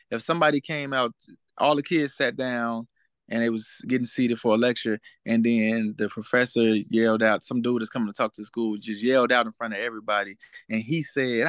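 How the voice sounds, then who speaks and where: A man's voice: medium pitch, flat delivery, moderate pace, no room sound. A young man as a guest in a casual interview, talking in a laid-back way and often asking "you know what I'm saying?".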